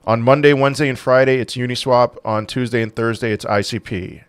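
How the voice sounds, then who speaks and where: A man's voice: medium pitch, fairly even intonation, brisk, clean tone, dry recording. A man hosting a casual crypto livestream, reading out viewer questions and answering with offhand, dry sarcasm.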